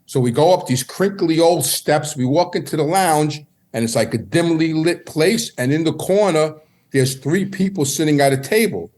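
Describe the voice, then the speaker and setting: A man's voice: a little high, moderate pace, darkish tone. Rambling New man telling stories. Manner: meandering, repeats words and restarts. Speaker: podcast guest. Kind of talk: casual storytelling.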